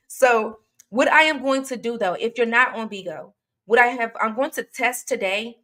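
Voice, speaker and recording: A woman hosts a casual livestream and talks straight to her viewers. Her speech is chatty and rambling, with lots of fillers and restarts, and she reads comments out loud as she goes. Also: on the high side, moderate pace. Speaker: true crime livestream host.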